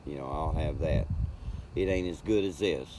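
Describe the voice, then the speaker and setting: An older man, chatting casually and rambling warmly with viewers on his home livestream. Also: extremely low pitch, moderate pace, background noise. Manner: folksy, rambling, greets chat by name. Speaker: livestream host.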